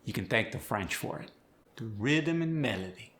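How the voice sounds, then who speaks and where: Bright-voiced man teaching pronunciation. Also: on the low side, expressive, moderate pace. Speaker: accent coach. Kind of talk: pronunciation tutorial.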